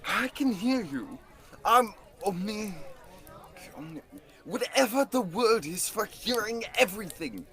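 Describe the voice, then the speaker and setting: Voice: mid-range voice, expressive, a bit bright. A teenage student actor voicing a pompous, easily flustered talking magic book in a school radio play. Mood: haughty. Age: teens. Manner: haughty, formal, slow, turns to panic.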